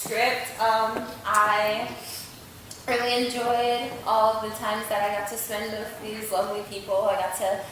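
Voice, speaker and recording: A woman giving a halting, affectionate thank-you speech after a play, with many ums. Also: fairly high pitch, little pitch movement, a bit bright, slight background noise. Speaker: cast member giving thanks. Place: theater stage after a show. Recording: echoey hall from far off with audience.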